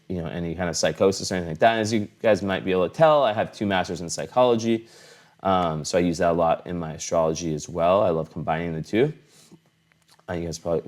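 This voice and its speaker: A man's voice: low-pitched, a little mellow. A young adult man talking casually to camera at home in a rambling vlog, with many restarts and fillers. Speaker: astrology vlogger. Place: home room, camera on a fixed setup.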